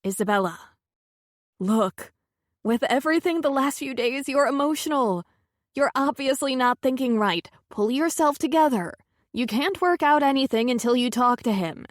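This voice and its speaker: A woman's voice: sits high, expressive, dry recording, studio quality, voice pushed up. A woman doing a stern, bossy best friend. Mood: stern concern. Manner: firm, pushy, rapid questions.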